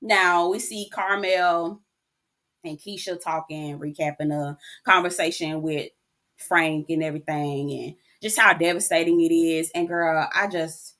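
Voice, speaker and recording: Chatty, expressive woman reviewer. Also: sits low, unhurried. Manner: chatty, expressive, keeps calling the viewer "girl"; emotional, near tears at moments. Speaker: reality TV recap reviewer. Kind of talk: casual recap commentary.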